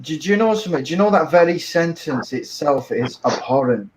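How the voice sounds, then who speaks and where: A man's voice: fairly high pitch, animated, brisk, slight background noise, low-quality recording. A man calling into a live stream, arguing in a pompous, formal manner. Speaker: caller. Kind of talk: heated live-stream argument.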